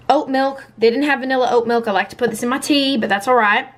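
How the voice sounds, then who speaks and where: A woman's voice: a little high, fast, hardly any pauses. A young woman in a chatty, upbeat casual vlog, listing her grocery haul item by item. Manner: chatty, upbeat, lists items. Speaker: vlogger.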